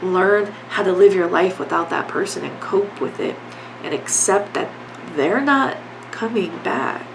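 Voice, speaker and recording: A woman's voice: fairly low pitch, measured pace, gravelly, background noise. A woman hosting a solo podcast, talking earnestly and bluntly about grief, urging listeners with repeated plain phrases and casual swearing. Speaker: podcast host.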